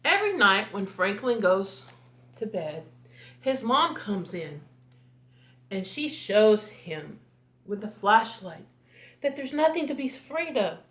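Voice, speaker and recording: A woman reading a picture book aloud, slow and expressive as a storyteller. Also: mid-range voice. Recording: echoey room.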